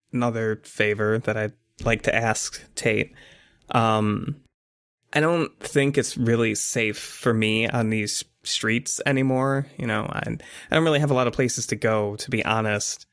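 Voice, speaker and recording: A man doing a wry teenage girl with a lazy drawl, teasing and streetwise, voiced in a tabletop actual-play. The pitch stays close to his own middle register, and the sound is dry and close. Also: a little slow, fairly bright tone, clear, resonant tone, no room sound, natural voice. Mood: earnest.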